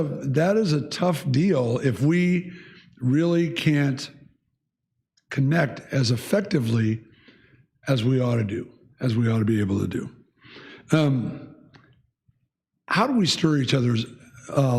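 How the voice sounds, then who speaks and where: Teaching a Bible class at church, a man with a mid-range, slightly mellow voice chats with the group and asks them questions as he leads the discussion.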